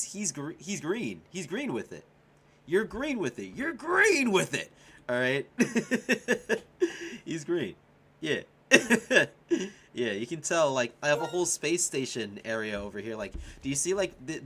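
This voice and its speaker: A young man chatting on a casual livestream. He is excitable and swears a lot, laughs often and shouts at his chat. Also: mid-range voice, slight background noise. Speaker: streamer and music composer.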